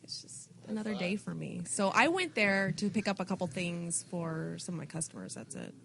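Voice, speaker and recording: A woman's voice: lowish voice, expressive, brisk, creaky, a bit bright. A woman guest who works at a comic shop, talking bluntly and matter-of-factly. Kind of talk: casual chat.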